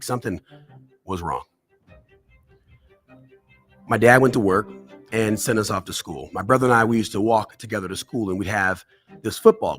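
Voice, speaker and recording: A man's voice: fairly low pitch, a bit bright. A man giving a motivational talk, telling a personal story with dramatic pacing and acting out the voices of the people in it. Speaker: motivational speaker.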